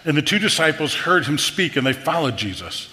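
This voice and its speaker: A man's voice: a little high, very animated, fairly quick, sharp tone. Conversational male preacher in a big hall. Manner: conversational, repeats words, asks the audience questions. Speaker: pastor. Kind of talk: sermon. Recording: long hall reverb.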